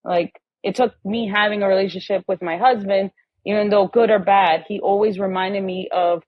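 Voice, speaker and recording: Husky-voiced woman telling animated stories. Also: mid-range voice, moderate pace, dry recording, muffled recording. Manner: animated storytelling, acting out quoted voices. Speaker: podcast guest. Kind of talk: casual conversation.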